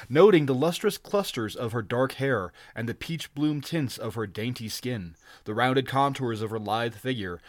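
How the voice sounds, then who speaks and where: A man's voice: mid-range voice, dry recording. Man reading a story, dry close sound. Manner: even reading with stumbles and restarts. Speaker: reader. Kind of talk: audiobook reading, amateur.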